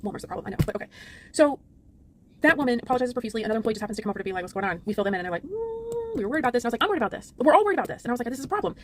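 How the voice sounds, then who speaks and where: A middle-aged woman vlogger telling a story in a rapid, exasperated rant, frazzled and trying to hold it together. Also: fairly high pitch, big pitch swings, slight background noise.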